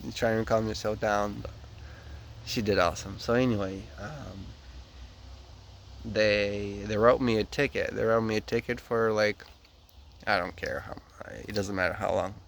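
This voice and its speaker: A young Ukrainian man, a vlogger, tells a story in a casual, animated way, acting out the dialogue with rising pitch. His voice is gravelly and unhurried, with frequent pauses and a slight hiss or hum in the background.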